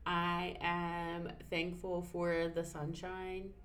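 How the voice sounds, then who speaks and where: A woman co-hosting a casual podcast, open-hearted and quick to laugh or get emotional. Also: lowish voice, completely flat delivery, a bit bright, a little hiss or hum. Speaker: podcast co-host. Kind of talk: casual chat.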